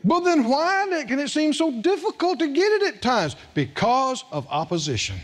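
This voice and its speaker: Middle-aged male preacher, very high voice with swooping pitch, animated and questioning the crowd. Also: moderate pace. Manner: animated, asks the congregation questions. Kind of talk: sermon with personal story.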